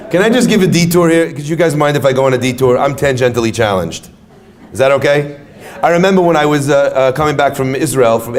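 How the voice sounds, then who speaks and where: A man giving an inspirational talk to an audience, telling stories and joking with the crowd. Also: mid-range voice. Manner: animated storyteller, jokes with the crowd. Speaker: speaker at a retreat.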